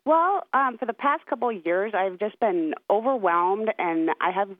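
A woman's voice: medium pitch, animated, normal speed, dry recording. Eager woman caller on a tinny phone line. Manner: eager, a bit flustered. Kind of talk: call-in radio chat. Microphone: telephone.

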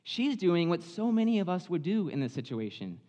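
A man preaching in a chatty, animated way, dramatizing the story as he goes. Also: high voice, normal speed, long reverb tail. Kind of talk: sermon, conversational Bible storytelling.

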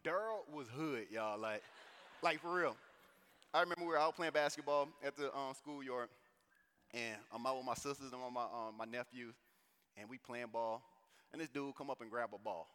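A man in his thirties from St. Louis giving a personal testimony at a conference, telling the story in a casual, animated way with lots of slang asides. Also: mid-range voice, normal speed, clean tone. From St. Louis, USA. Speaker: conference speaker. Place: conference hall. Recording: echoey hall reverb.

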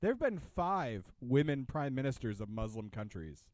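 Casting: young male podcast co-host, joking and rambling, mid pitch, dry close mic. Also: normal speed, no echo. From Irish heritage. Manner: joking, rambling, animated asides. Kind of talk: casual chat.

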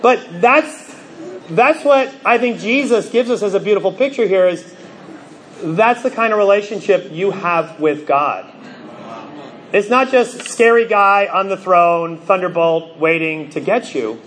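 High-voiced man preaching, animated. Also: a little slow, a little hiss or hum. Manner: animated storytelling with sudden loud bursts; conversational, many fillers like "you know". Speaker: pastor. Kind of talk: sermon.

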